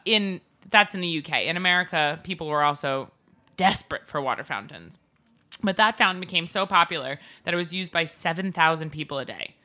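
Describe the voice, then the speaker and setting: A woman's voice: fairly low pitch, pushed and bright. A woman co-hosting a casual podcast, chatty and given to laughs and crude asides. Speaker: podcast co-host. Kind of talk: casual chat.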